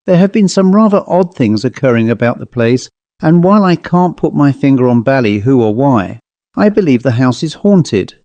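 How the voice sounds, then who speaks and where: A man voicing a jovial, blustering upper-class gentleman in his sixties in a ghost story reading. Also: medium pitch, big pitch swings, normal speed, dry recording, lo-fi sound. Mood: hesitant. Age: 60s.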